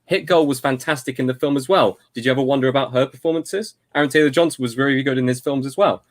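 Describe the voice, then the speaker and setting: A man's voice: medium pitch, fairly even intonation, quick pace. Earnest man debating on a podcast. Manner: earnest, rambling with restarts.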